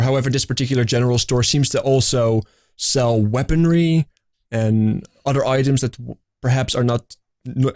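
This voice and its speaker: A man's voice: mid-range voice, darkish tone, no room sound. A man in a middle register runs a tabletop game, describing scenes in a loose, rambling way. His voice is close and dry with no room around it, and he often restarts his sentences. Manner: rambling, many restarts and fillers. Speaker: game master.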